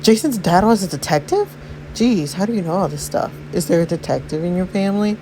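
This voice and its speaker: A woman voicing a stubborn, lovestruck young daughter who keeps pressing her father with questions, pitched higher than her own voice. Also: lively intonation, fairly quick, noisy background, natural voice. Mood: curious.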